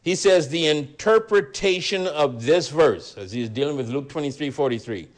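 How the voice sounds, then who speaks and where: A man teaching a Bible study sermon in a deliberate, emphatic way, repeating his key lines. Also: on the high side.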